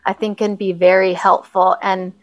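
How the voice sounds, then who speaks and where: A woman's voice: mid-range voice, level tone, moderate pace, no room sound. A woman co-hosting a health podcast, chatting casually and laughing easily. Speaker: podcast co-host, health coach.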